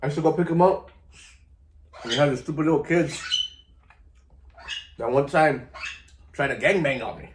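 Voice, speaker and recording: A man's voice: fairly high pitch, normal speed, long pauses, echoey room, slight background noise. A middle-aged man, telling stories casually to camera in a laid-back, slangy way. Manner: laid-back, slangy, keeps saying "you know" and "vato". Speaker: vlogger.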